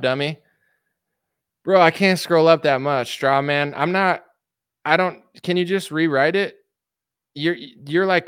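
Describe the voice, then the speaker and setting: Rambling man with a smooth, dry voice. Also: mid-range voice, a bit bright, dry recording. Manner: rambling, filler-heavy, frequent restarts. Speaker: livestream commentator reading chat. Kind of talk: casual political rant.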